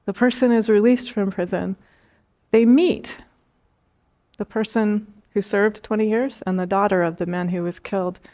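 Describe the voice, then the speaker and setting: A woman spiritual teacher giving a talk, telling stories gently with light laughs and repeated phrases. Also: mid-range voice, fairly even intonation, moderate pace.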